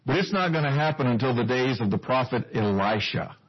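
Husky male preacher, earnest. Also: mid-range voice, expressive, a little fast. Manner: earnest, questioning the listeners. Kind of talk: sermon. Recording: dull lo-fi recording.

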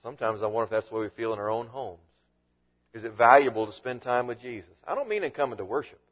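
A man preaching a sermon as a pastor, with animated delivery and frequent rhetorical questions. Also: mid-range voice, fast, lo-fi sound.

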